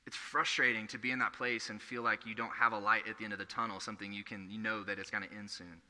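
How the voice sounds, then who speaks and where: In an echoey church hall, a young pastor preaches a sermon in an earnest, conversational way, sharing stories from his own life. His voice is lowish, pushed and bright, and he talks fast with a flat delivery.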